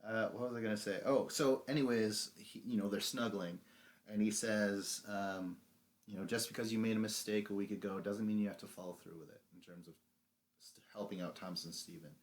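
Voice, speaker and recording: Man, young adult, low voice, casual podcast chat, animated retelling, quotes in character. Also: a little fast. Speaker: podcast co-host.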